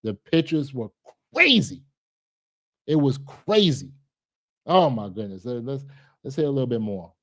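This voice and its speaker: A man hosting a live stream, reacting to a news clip with emotional, repetitive commentary, at times hushed and at times loud. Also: medium pitch, lively intonation, normal speed, no room sound, studio quality. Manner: emotional, repeats words, swings from hushed to loud.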